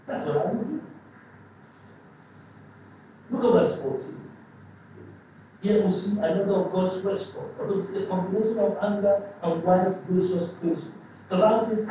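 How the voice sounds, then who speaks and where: Male pastor, high mellow voice, emphatic and repetitive; church hall with heavy echo, mic at a distance. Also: moderate pace, long pauses, a little hiss or hum. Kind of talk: sermon.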